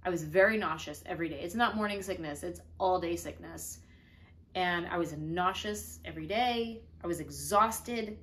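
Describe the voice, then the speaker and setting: A pregnant woman telling her own story in a casual vlog, lively, acting out the things people said. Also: fairly low pitch, moderate pace, a little hiss or hum. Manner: animated, acts out her own and others' quoted lines.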